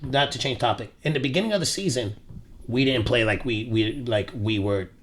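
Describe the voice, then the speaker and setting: A man's voice: mid-range voice, fairly quick. A young man co-hosting a casual sports podcast, talking with swearing and reassurance. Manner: animated, profane, reassuring. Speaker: podcast co-host.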